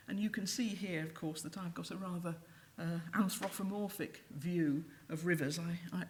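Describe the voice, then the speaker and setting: A middle-aged woman giving a public lecture in a measured way, with wry asides. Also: lowish voice. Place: lecture hall.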